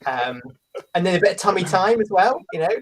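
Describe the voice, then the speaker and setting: A man's voice: sits high, big pitch swings, a little fast, crowd noise. A man guesting on a casual podcast, laughing often and telling stories with animation.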